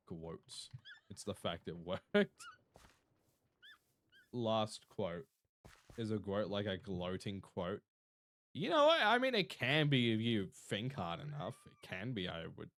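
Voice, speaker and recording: Male streamer, casual chat with viewers, jokey and laid-back, pitch swings up and down. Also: fairly bright tone, no room sound. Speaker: Twitch streamer.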